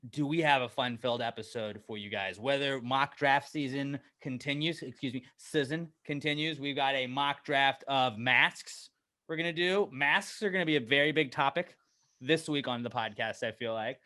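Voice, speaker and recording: A man hosting a casual podcast, energetic and joking, full of quick asides. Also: medium pitch. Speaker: podcast host.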